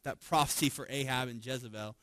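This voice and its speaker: A man preaching a sermon as a pastor, conversational and animated, often chuckling and checking in with his listeners. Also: medium pitch, a little fast, dry recording. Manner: conversational, tags lines with "right?" and chuckles often; animated storytelling with frequent restarts.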